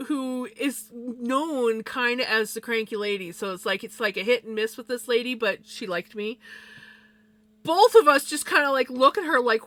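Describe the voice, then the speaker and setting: A woman's voice: on the high side, lively intonation, moderate pace, a bit bright, no room sound. A woman live streamer telling a personal story to her viewers in casual chat. She talks bluntly and swears freely. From Canada.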